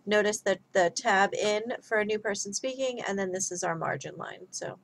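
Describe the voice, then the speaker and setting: A woman's voice: medium pitch, normal speed, gravelly, slight background noise, low-quality recording. A woman giving a recorded grammar lesson as a writing instructor, talking casually through examples. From United States.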